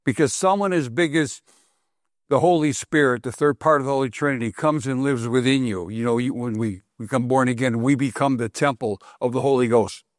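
A man's voice: mid-range voice, fairly quick, no room sound, clean studio sound. A man preaching a sermon to his congregation, repeating phrases for emphasis and putting questions to the listeners. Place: congregation hall.

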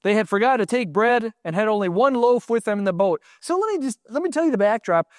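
A man with a high-sitting voice talks fast, preaching a sermon in a conversational style, often questioning his listeners and telling stories with animation. The recording has studio quality and no room sound.

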